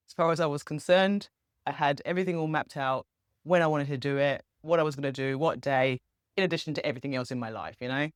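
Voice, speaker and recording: A woman's voice: low voice, no room sound, studio quality. A woman, talking casually and earnestly to camera as a spiritual vlogger. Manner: upbeat, earnest, chatty with small laughs. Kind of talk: casual reflective monologue.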